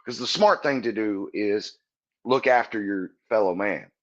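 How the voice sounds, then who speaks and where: A man's voice: lowish voice, unhurried, fairly bright tone, dull audio. A comedian guest on a podcast, a man telling stories in a casual, earnest and profane way, often laughing as he talks. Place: Texas.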